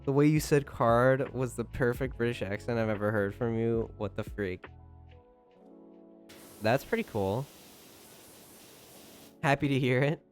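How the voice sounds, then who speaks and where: A man's voice: medium pitch, measured pace, pauses often, faint music behind. A young man streaming live, reading viewer messages aloud and thanking them in a playful, joking way. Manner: playful, joking, laughs often. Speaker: livestreamer. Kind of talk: casual live-stream chat.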